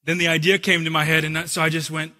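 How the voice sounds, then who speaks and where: A man preaching a sermon as a pastor, an animated storyteller who shifts from humor to earnest teaching. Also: fairly high pitch, fast.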